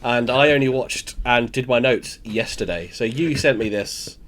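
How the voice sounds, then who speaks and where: A man co-hosting a podcast, chatting casually with animated, jokey banter. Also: mid-range voice, moderate pace, a loud crowd. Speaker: podcast co-host. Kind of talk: casual chat.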